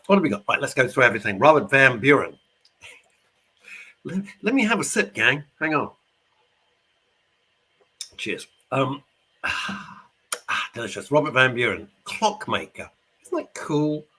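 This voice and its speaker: A man's voice: mid-range voice, big pitch swings, measured pace, long pauses, pushed and bright, slightly rough. A middle-aged man hosting a radio show, chatting casually and jokingly while reading out listener messages. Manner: chatty, jokey, rambling. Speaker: radio host. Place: studio.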